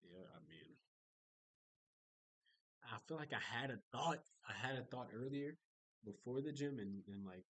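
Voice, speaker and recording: A man's voice: lowish voice, a bit bright, no echo, rough recording. A young man telling stories in a casual video diary, rambling and chatty, full of fillers and restarts. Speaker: vlogger.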